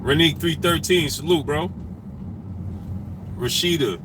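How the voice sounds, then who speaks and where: A man hosting a boxing talk stream, repeating himself emphatically and shouting out viewers by name. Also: on the high side, unhurried, background noise. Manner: animated, repetitive, emphatic street talk. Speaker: boxing talk show host.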